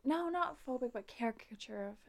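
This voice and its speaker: A woman's voice: fairly high pitch, animated, brisk, gravelly. A young woman co-hosting a podcast in casual chat, playful and fond of trying out voices. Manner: playful, keen on doing voices and accents. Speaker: podcast co-host.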